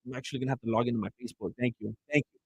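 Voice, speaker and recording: Man, casual live fight commentary, husky voice, lively swooping pitch, dry close sound. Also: racing, no echo, rough recording. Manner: rambling, reactive storytelling. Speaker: fight watch-along streamer.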